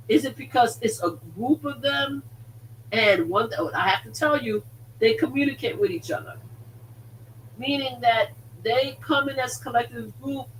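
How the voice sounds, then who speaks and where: A woman's voice: fairly high pitch, slight background noise. Emphatic woman live-streaming from a distance. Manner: emphatic and animated, repeating words for stress. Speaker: host of a slot-gambling live stream. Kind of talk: casual live-stream storytelling.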